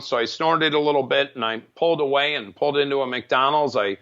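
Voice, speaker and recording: Middle aged guy telling his story straight, kinda gravelly, restarts a lot, muffled podcast sound. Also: mid-range voice, fairly quick, hardly any pauses, fairly bright tone. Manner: candid, matter-of-fact storytelling with frequent restarts. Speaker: podcast guest. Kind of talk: personal recovery story. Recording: dull lo-fi podcast audio.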